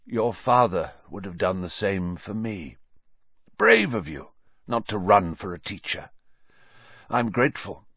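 A man voicing a gaunt escaped male prisoner, speaking low, quiet and hoarse. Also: big pitch swings, unhurried, pauses often, no echo, lo-fi sound, heavily acted. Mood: menacing.

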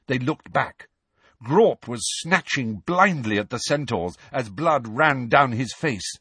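A male audiobook narrator with a dramatic, shifting storytelling delivery. His voice swings widely in pitch and carries a husky grain. The sound is close and dry with no room around it. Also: fairly bright tone, dry recording.

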